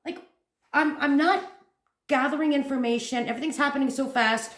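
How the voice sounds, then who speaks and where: A woman hosting a crochet channel, telling a story to camera in a casual, animated and jumpy way, laughing at herself. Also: high-pitched, a little fast, noisy background. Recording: echoey room.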